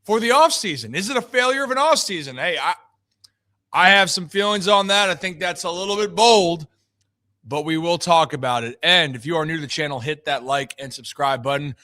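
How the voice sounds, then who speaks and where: Man, sports talk host, upbeat and chatty, dry close sound, bright tone. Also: on the high side, a little fast, no echo. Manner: upbeat, conversational, talks straight to viewers. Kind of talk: live sports talk show opening.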